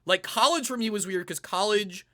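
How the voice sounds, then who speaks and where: Bright, animated young man telling a story. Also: high-pitched, moderate pace. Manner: animated, quotes himself in lively acted-out asides. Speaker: panel guest. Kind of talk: casual personal storytelling.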